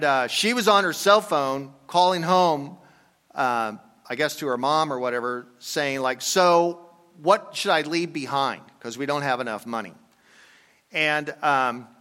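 Older man preaching in a reverberant hall. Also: a little high. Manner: storytelling, conversational, drops to quiet asides. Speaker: pastor. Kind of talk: sermon.

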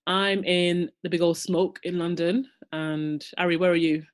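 A young woman co-hosting a casual podcast from home in London over a video call, chatty and quick to giggle. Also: on the low side, flat delivery. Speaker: podcast co-host.

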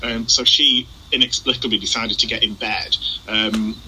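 A man co-hosting a podcast in casual chat, halting with many ums and restarts, with a dry sense of humour. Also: lowish voice, fairly even intonation, sharp tone, slight background noise, low-quality recording. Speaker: podcast co-host.

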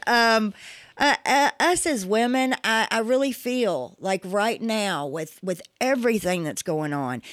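Podcast host, woman in her 40s, candid and emphatic, mid pitch, casual cussing. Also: lively intonation, a little slow, no room sound, studio quality. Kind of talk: personal podcast monologue.

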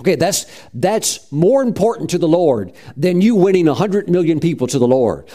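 A middle-aged male pastor preaches with fervent conviction, his voice mellow and warm, sitting a little high for a man. He punctuates his points with "praise God" and acts out the voices he quotes. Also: sing-song, moderate pace, few pauses. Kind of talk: sermon.

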